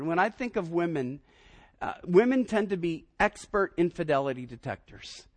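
A man in his fifties, a pastor preaching a sermon, telling personal stories in an animated way and often repeating his first words. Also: fairly high pitch. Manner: animated storyteller, repeats words when starting sentences.

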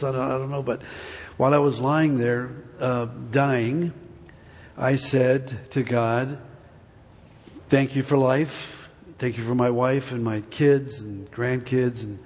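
A man's voice: mid-range voice, a little mellow, breathy edge. A man in his seventies giving a church testimony, telling a folksy, meandering personal story to the congregation. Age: 70s. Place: church sanctuary. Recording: long reverb of a large hall.

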